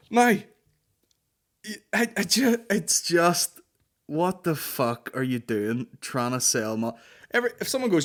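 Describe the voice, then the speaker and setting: A man's voice: fairly high pitch, a little slow. A man hosting a comedy podcast, ranting crudely with lots of swearing and acted-out bits. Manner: lively, mocking, swears a lot, acts out bits. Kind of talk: crude comic rant.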